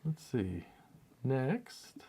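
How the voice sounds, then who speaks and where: Laid-back guy reading out comments, mid-pitched, chuckles a lot. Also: wildly swooping pitch, drawn-out words, mellow, slight background noise. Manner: easygoing, laughs often while reading. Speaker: co-host reading viewer comments. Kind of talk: casual chat.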